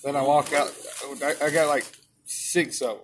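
A man's voice: fairly high pitch, steady tone, normal speed, noisy background. A man, a father, telling laid-back funny stories about his kids in casual chat. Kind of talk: casual storytelling.

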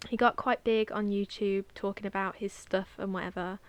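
A woman's voice: mid-range voice, fairly even intonation, moderate pace, clear, resonant tone, dry recording. A young woman co-hosting a podcast, chatting casually in a teasing, playful way. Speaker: podcast co-host. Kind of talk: casual chat.

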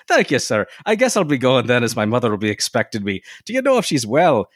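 A man's voice: mid-range voice, wildly swooping pitch, fast talker, no echo, studio quality, voice pushed up. A man voicing a brash, hot-tempered young Irish boy in an exaggerated put-on Irish brogue, reading aloud with friends. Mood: cheery.

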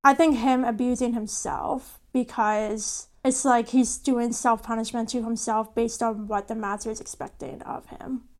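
Earnest woman co-host, slightly high voice. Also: steady tone, measured pace, few pauses. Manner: earnest, uses many "like"s. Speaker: podcast co-host. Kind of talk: casual chat.

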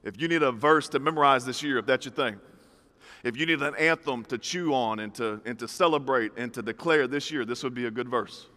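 A pastor in his thirties preaches a conversational-style sermon with punchy, repeated phrases. His mid-range voice is a little fast with a sharp tone, and the hall is reverberant.

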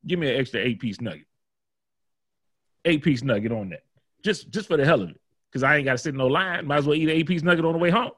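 A man's voice: fairly high pitch, expressive, fast, long pauses, fairly bright tone, dry recording, studio quality. A man hosting a podcast, telling rambling, profane stories in casual chat. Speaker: podcast host.

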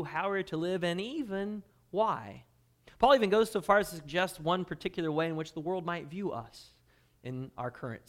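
A pastor delivering a sermon to his church, his fairly high male voice rising and falling in force. He leans on key words, slows down for scripture and speeds up when he explains. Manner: dynamic preaching, drops to quiet intensity then swells loud.

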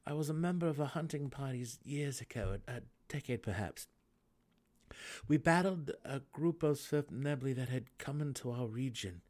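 A man voicing a desperate young male dark elf prisoner in a dramatic audiobook reading, pleading and stammering. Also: medium pitch, animated, moderate pace, pitched above the performer's own voice, natural voice. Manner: pleading, sputtering.

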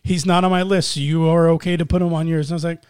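A man's voice: a little high, level tone, fast, a little mellow, smooth, no room sound, clean studio sound. A man hosting a wrestling podcast in easygoing, teasing casual chat, laughing often. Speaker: podcast host.

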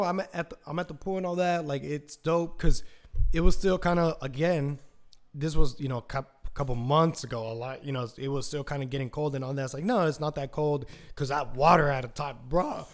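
Male podcast host, casual solo talk, loose and profane, lots of "like" and "you know", voice sitting a bit high. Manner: rambling and profane, full of fillers. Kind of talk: casual monologue.

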